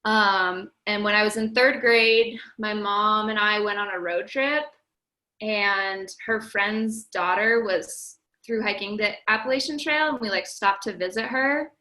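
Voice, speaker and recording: A woman's voice: medium pitch, a little slow, pushed and bright, low-quality recording. A young woman in her twenties, telling her hiking story in a casual, chatty way with frequent laughs and fillers. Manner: chatty, laughing often, lots of "like". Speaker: podcast guest, record-setting hiker. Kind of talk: casual podcast interview.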